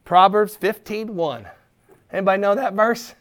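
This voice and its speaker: A middle-aged man preaching a sermon, animated, acting out quoted voices and dropping to a soft tone for encouragement. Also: high voice, normal speed. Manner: drops to a soft, quiet tone for encouragement. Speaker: pastor.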